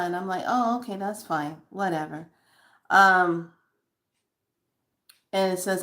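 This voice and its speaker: A middle-aged woman chatting casually on a spiritual livestream, laughing often and reading slowly with drawn-out words. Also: fairly low pitch, fairly bright tone.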